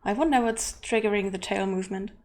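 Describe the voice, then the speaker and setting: A woman's voice: medium pitch, fairly quick, background noise. A woman streamer chatting casually and encouraging her teammates while she plays. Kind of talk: casual gameplay chat.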